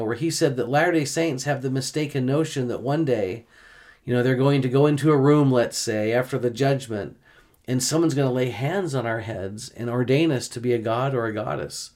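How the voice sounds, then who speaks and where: Male podcast host, earnest scripture teacher, slows on key words. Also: medium pitch, a little mellow. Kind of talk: gospel discussion podcast.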